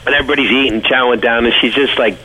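A man's voice: medium pitch, steady tone, very fast, pushed and bright, husky, low-quality recording. A man with a New York accent, a guest telling stories in a casual interview. He rambles with fillers and restarts.

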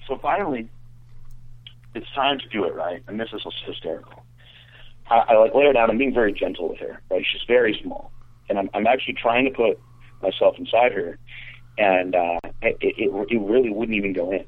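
A young man telling a crude story in casual podcast chat, animated, with stammering restarts. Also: fairly low pitch, fairly quick, slightly rough. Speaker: podcast co-host. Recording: tinny phone-like sound.

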